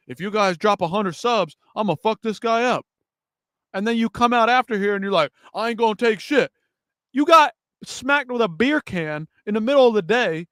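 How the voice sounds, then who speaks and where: A man's voice: high voice, fairly bright tone, no echo, studio quality. A man hosting a live fight-news stream, ranting and swearing in heated commentary. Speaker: MMA news show host.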